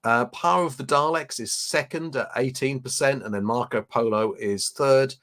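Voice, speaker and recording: A man's voice: medium pitch, normal speed, a bit bright. A man hosting a casual live unboxing stream, chatting loosely and reading viewer comments aloud. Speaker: livestream host.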